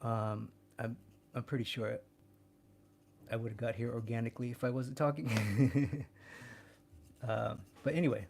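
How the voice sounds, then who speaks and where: A man's voice: mid-range voice, steady tone, unhurried, gravelly, pauses often, darkish tone, a little hiss or hum. A man teaching a drawing lesson, thinking aloud and repeating words as he draws. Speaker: drawing instructor. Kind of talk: live drawing demonstration.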